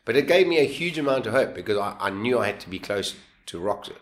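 Guest in his fifties, lively storyteller who acts out the scenes and laughs through them. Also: on the low side, fast, slight background noise. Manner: vivid, acts out his own lines and voices, laughs while telling. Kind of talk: animated storytelling.

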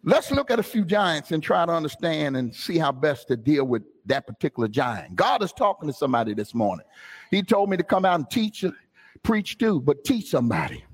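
A man preaching a sermon as pastor to his congregation, calling out to them and climbing from talk into shouted, half-sung lines. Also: fairly high pitch, sing-song, a little fast, husky. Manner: call-and-response, rising to shouts and sung phrases. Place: church sanctuary.

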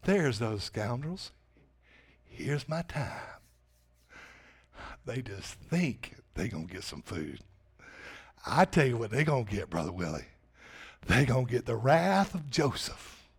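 A preacher voicing a wronged brother, earnest. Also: male voice, sits high, big pitch swings, takes it slowly, vocal fry, heavily acted. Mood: vengeful. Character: wronged younger brother, grown man, stern then forgiving.

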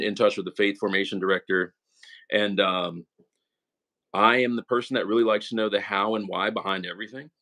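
Low-voiced earnest young man. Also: fairly bright tone. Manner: earnest and emotional, peppers speech with "man" and "right?". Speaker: interview guest. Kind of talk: casual conversational testimony.

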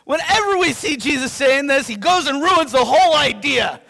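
A man from Yakima preaching a sermon as pastor, animated and conversational, checking in with his listeners. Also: very high-pitched, moderate pace. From Yakima, Washington. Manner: animated, conversational, keeps asking "right?". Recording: long reverb in a hall.

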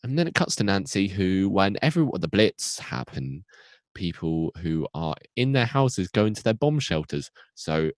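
A man's voice: low-pitched, big pitch swings, moderate pace, no echo. A young man recapping a TV episode in a rambling, self-interrupting comic way on a podcast. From United Kingdom. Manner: rambling, self-interrupting, acts out characters in goofy voices.

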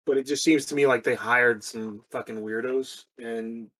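Casting: offhand male podcast co-host, middle pitch, blunt, thinking out loud, mic far off with echo. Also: steady tone, moderate pace. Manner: offhand, thinks aloud with restarts and swearing. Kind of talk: casual chat.

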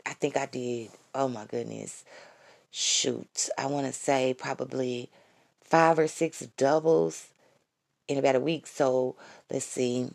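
A woman giving a casual devotional talk to her viewers, excited and repeating her phrases as she calls out to them. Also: extremely low pitch, takes it slowly, gravelly, dry recording. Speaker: Christian vlogger giving testimony.

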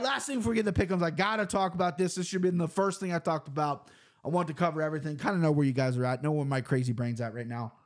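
A young man hosting a casual podcast monologue, brash and profane, swinging between loud outbursts and low mumbled asides. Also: rapid-fire. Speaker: podcast host.

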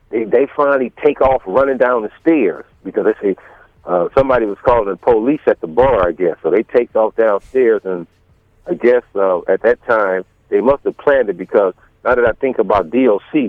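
A man's voice: fairly low pitch, moderate pace, no echo. A man telling a long story as a guest, rambling with many fillers and restarts and acting out quotes, over a tinny phone-like line. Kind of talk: storytelling in an interview.

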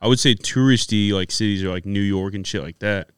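A man with a low, smooth voice trading wry, teasing remarks on a casual podcast. The sound is dry and close. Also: brisk, fairly bright tone, no room sound. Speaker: podcast co-host.

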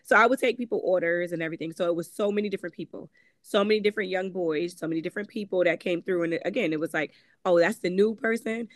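A woman's voice: lowish voice, very fast, no echo, clean studio sound. Candid storytelling woman with a Connecticut accent. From Connecticut, USA. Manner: candid, conversational, frequent "um" and "like", acts out quoted voices. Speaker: guest author. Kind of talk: personal storytelling in interview.

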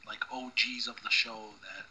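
A man's voice: mid-range voice, fairly even intonation, normal speed, pushed and bright, slight background noise, low-quality recording. A man co-hosting a casual podcast chat, rambling with many fillers and restarts and swearing freely. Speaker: podcast co-host.

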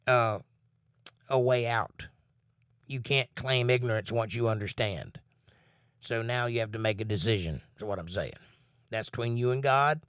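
A man's voice: medium pitch, fairly bright tone, clean tone, dry recording, clean studio sound. Emphatic male Bible study teacher. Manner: emphatic, slow deliberate reading with blunt asides. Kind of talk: reading scripture aloud with commentary.

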